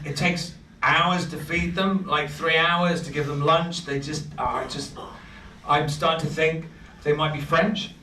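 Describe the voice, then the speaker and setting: A man in his thirties doing a rambling, self-deprecating stand-up set with lots of asides. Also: on the high side. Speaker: stand-up comedian. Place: comedy night in a bar, live audience laughing. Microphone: handheld stage mic, recorded from a distance. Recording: roomy, distant, noisy bar recording.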